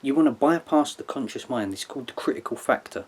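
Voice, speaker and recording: A man talks straight to the listener in a loose, rambling monologue, his pitch sitting in an ordinary middle range. He circles back on himself, tacking "yeah" and "like" onto his points, and keeps an earnest, lecturing tone throughout. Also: quick pace, a little mellow, slightly rough. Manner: rambling, with frequent "yeah" and "like" tags. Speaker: video commentator. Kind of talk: casual explanatory monologue.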